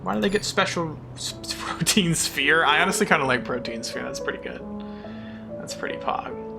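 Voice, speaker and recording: A male streamer chatting casually through a puzzle game, frustrated and mocking himself, and quick to swear. His voice sits a little high and has a gravelly texture. Game music plays clearly underneath. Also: animated. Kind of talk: casual live-stream gaming chat.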